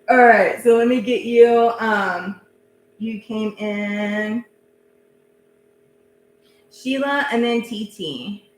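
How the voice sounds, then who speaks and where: A woman giving a casual live tarot reading, chatty and goofy, laughing often. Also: a little high. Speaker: tarot reader. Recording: echoey room with faint hum.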